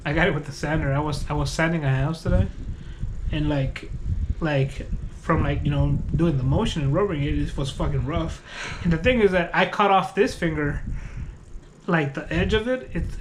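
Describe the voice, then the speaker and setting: A man with a high, light voice tells a long story on a casual podcast. He rambles and swears freely, restarting sentences and leaning on fillers. A faint hiss of noise sits under his voice. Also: moderate pace, low-quality recording. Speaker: podcast co-host. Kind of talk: casual chat.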